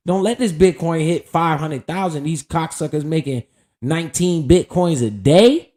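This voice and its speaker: A man's voice: on the high side, animated, normal speed, a little mellow. A man giving casual, profane, hyped market commentary, talking straight to his viewers while going over his account. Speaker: stock market streamer.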